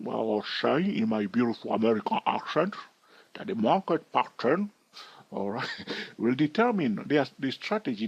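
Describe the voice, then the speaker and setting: A man's voice: medium pitch, slightly rough, no room sound. A man teaching trading over a chart, explaining step by step and often checking in with "all right?". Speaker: trading educator.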